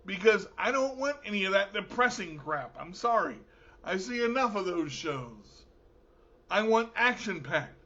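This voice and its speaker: A man hosts his own show with an unhurried, playful, joking delivery. His voice sits high and bright. The recording sounds dull and lo-fi. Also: big pitch swings. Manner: jokey, playful storyteller. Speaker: show host. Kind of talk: casual podcast talk.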